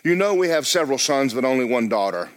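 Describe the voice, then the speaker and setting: A man's voice: medium pitch, big pitch swings, quick pace, natural voice. A preacher voicing a distraught mother. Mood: pleading. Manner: pleading, complaining. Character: distraught middle-aged mother pleading with a pastor.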